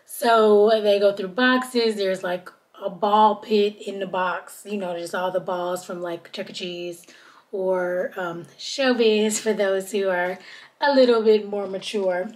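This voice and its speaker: An unhurried woman with a mid-range voice hosts a podcast, casually recounting a reality-show episode. Chatty and animated, she quotes cast members in their voices along the way.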